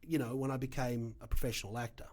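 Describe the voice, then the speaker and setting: A middle-aged Australian man with an Australian accent, a guest telling his story in an animated, emphatic way with punchy asides. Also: mid-range voice, quick pace. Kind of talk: casual storytelling interview.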